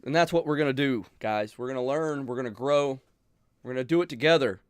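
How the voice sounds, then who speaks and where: A man hosting a channel, talking earnestly and emotionally to his viewers, pleading with them, sighing and pausing as he speaks. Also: medium pitch, clean tone, no room sound, clean studio sound. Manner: emotional, pleading, with sighs and pauses. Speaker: channel host. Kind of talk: earnest heartfelt talk to viewers.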